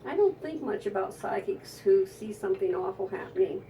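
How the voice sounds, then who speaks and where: A woman's voice: mid-range voice, expressive, moderate pace, dark tone, far from the mic, slight background noise, low-quality recording. A woman psychic telling an emotional, rambling story in a conversational interview, often restarting her sentences.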